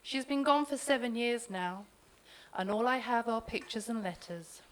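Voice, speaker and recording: A woman reading her own poem aloud at a live event, plain and gentle. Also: fairly high pitch, normal speed, poor audio. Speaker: poet.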